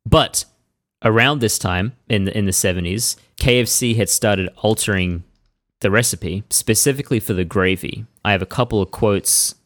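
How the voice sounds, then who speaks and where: A man with a lowish voice hosting a casual podcast, recounting a story in an easy, rambling way. His voice sounds close and dry, with no room around it. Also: normal speed, dry recording. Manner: conversational, relaxed storytelling with restarts. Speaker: podcast host telling the story. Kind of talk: casual chat.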